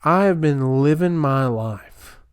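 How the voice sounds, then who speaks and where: A man's voice: fairly high pitch, animated, slow, clear, resonant tone, dry recording. Rambling incredulous young man, dry close sound. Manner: rambling, incredulous, riffing while reading aloud. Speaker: podcast host. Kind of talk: solo comedic podcast rant. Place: small home room, camera on floor.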